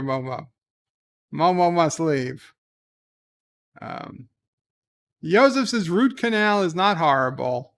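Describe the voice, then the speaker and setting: A man hosting a casual livestream from home, reading viewer messages aloud and answering them with animated emphasis. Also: a little high, takes it slowly, pauses often. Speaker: livestream host reading chat. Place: home, talking from bed.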